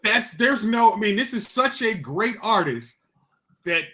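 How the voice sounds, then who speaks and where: High-pitched man in playful movie chat. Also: sing-song, measured pace, pushed and bright, a little hiss or hum. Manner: repeats himself, playful mock dialogue. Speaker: podcast co-host. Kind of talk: casual movie review chat.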